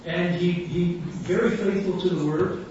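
A man's voice: high-pitched, steady tone, measured pace, a little mellow. A man preaching a sermon, telling a story with animation and acting out the voices of the people in it. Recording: echoey hall, distant mic, dull sound, faint room hum.

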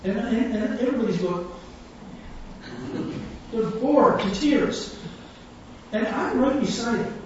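A man preaching a sermon, telling stories with animated quotes and frequent laughter. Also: sits high, takes it slowly, long pauses, background noise. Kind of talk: sermon with storytelling. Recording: echoey distant hall sound, dull.

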